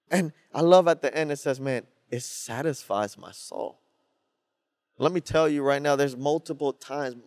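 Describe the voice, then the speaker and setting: A young man preaching to a youth group in a slangy, energetic style with call-and-response. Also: medium pitch, vocal fry, no echo, clean studio sound. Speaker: youth pastor. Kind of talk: sermon.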